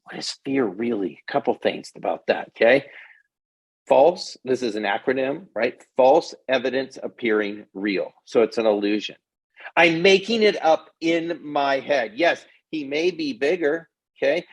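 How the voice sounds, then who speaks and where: Middle-aged male kids' coach, upbeat motivator with a raspy, gravelly voice. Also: medium pitch, unhurried. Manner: energetic, repeats "okay?" often. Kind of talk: motivational talk to kids.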